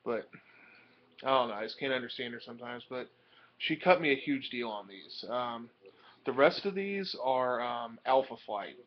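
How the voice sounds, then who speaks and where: A man's voice: mid-range voice, animated, moderate pace. Rambling man with a muffled lo-fi sound. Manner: rambling, with many ums and uhs. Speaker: comic book collector showing purchases. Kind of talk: casual show-and-tell vlog. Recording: dull lo-fi home recording.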